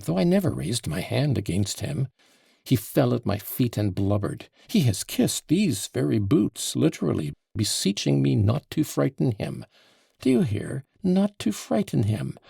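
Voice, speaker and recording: Guy putting on an agitated accused man, jumping way up in pitch, raspy dark voice. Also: sing-song, normal speed, dry recording, clean studio sound, full character voice. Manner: heated, emphatic outbursts. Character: agitated accused young man, proud, passionate. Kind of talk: audiobook character voice.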